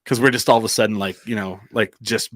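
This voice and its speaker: A man's voice: lowish voice, fairly even intonation, quick pace, a bit bright, no echo, studio quality. A man from Albuquerque telling a casual anecdote on a comedy podcast, rambling with plenty of "like" and restarts. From Albuquerque, New Mexico.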